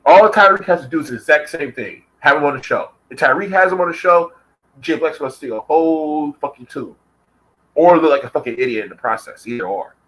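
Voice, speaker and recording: A man's voice: on the high side, a little fast, a bit bright, poor audio. A man ranting heatedly in a casual vlog, swearing constantly and repeating himself for emphasis. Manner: heated, profane, repetitive. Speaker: vlogger. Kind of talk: profane rant.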